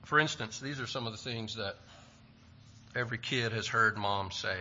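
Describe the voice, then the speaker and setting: A man's voice: lowish voice, normal speed, bright, forceful tone, slight background noise. A man preaching a sermon with a plain, lightly humorous manner. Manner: plain-spoken and lightly humorous, quoting stock sayings. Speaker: pastor. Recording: dull lo-fi recording.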